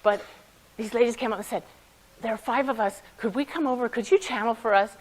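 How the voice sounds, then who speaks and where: A woman, a medium, telling lively personal stories to a conference audience, often laughing as she speaks. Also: a little high, brisk, slight background noise, rough recording. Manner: animated anecdotes with frequent laughter. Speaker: medium giving a talk. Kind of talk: storytelling talk to an audience.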